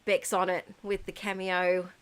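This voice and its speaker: A woman's voice: lowish voice, monotone, measured pace, clear, resonant tone. A woman in her thirties chatting casually on a live stream, reading out viewers' messages with frequent ums and giggles. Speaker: livestream host reading chat.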